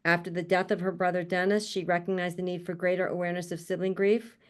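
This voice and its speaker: A woman hosts an online panel over a video call, introducing each guest warmly. She is chatty and laughs often, with friendly asides between names. Her voice sits slightly low for a woman. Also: flat delivery, fast talker. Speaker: panel host.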